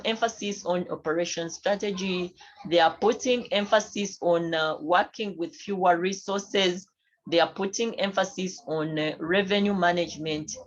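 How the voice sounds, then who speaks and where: A woman with a somewhat low voice gives a university business lecture. She repeats each point, fills pauses with "uh", and checks in with "eh?" The recording sounds dull and lo-fi. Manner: repetitive, many fillers and tag questions.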